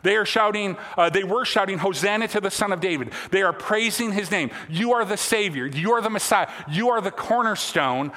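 Bright, high-voiced pastor preaching in a hall. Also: male voice, a little fast, few pauses. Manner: conversational, frequent "right?" and "all right?" check-ins; light self-deprecating humor. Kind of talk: sermon. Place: church sanctuary.

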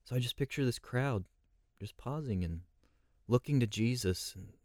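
A man's voice: medium pitch, normal speed, a little mellow, dry recording, studio quality. A man leading a conversational Bible study, reflective and posing rhetorical questions.

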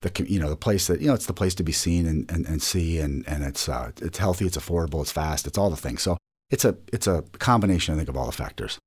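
Fast-talking husky low-voiced man. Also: lively intonation. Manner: rambling, many restarts and repeated words. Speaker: restaurant chain founder, interview guest. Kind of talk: casual interview answers.

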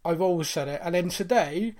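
A man's voice: high voice, fairly quick. A man with a West Country English accent co-hosting a casual podcast chat, telling stories and joking. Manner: chatty, jokey, animated storytelling. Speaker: podcast co-host.

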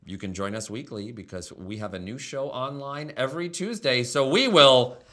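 A man's voice: medium pitch, moderate pace. A man hosting a casual podcast panel, telling stories animatedly and acting out quotes. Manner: animated storyteller, acts out quotes. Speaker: podcast host.

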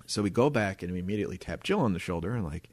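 A man co-hosting a podcast, telling a story in a casual, animated way and acting out what people said. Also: sits low, very fast, dry recording. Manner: animated, laughing, acts out quotes. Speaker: podcast co-host.

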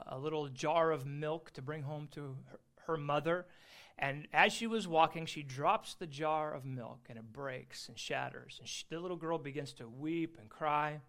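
A man teaching an adult Bible class, earnest and emphatic, slowing down to stress key phrases. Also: a little high, fairly bright tone.

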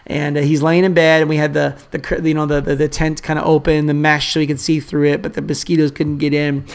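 A man's voice: on the high side, little pitch movement, fast, creaky, clean tone. A man, a pastor and father of young children, preaching a sermon with emphatic repetition and casual asides. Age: adult father of young children. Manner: emphatic, repeats key phrases for the congregation; conversational asides and fillers.

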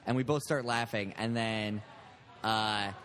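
A man hosting a podcast, telling a long story in casual chat, animated and often laughing. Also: lowish voice, measured pace. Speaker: podcast host.

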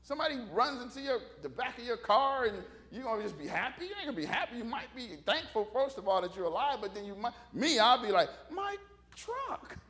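A man's voice: extremely high pitch, lively intonation, quick pace, hardly any pauses, a bit bright. A middle-aged male pastor, preaching a folksy sermon full of stories and calls for amens. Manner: folksy storytelling with call-and-response.

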